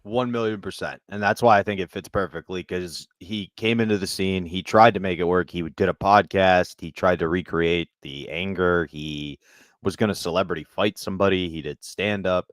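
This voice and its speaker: A man's voice: deep voice, fairly even intonation, normal speed, no echo, studio quality. A man co-hosting a comedy podcast, agreeable and self-deprecating, laughing easily in casual chat.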